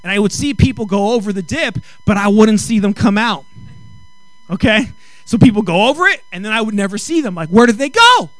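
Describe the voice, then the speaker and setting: High, bright-voiced man preaching. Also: brisk, no room sound, low-quality recording. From Mexican heritage. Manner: animated, acts out quoted dialogue, rising to exclaim. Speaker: pastor. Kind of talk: sermon with comic storytelling.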